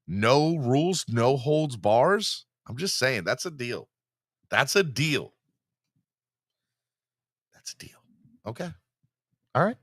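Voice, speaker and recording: A man hosting a live fan podcast in a casual, teasing, animated way, hyping himself up. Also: mid-range voice, slow pace, no room sound, clean studio sound. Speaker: podcast host.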